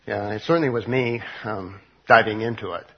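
A man preaching a midweek Bible study sermon, halting and full of fillers and restarts. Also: lowish voice, muffled recording, a little hiss or hum. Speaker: pastor.

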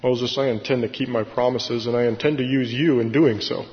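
A man voicing God as a stern father figure, firmly telling a frightened leader to calm down and listen. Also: medium pitch, brisk, big-room sound, muffled recording, natural voice. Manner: firm, snapping someone back to reality.

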